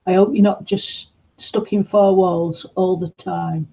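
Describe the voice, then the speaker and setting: Slow soft-spoken woman on a livestream, mellow, kinda muffled audio. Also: lowish voice, fairly even intonation, creaky. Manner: gentle, reassuring, calls viewers sweetie. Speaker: livestream host. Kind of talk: casual livestream chat reading comments.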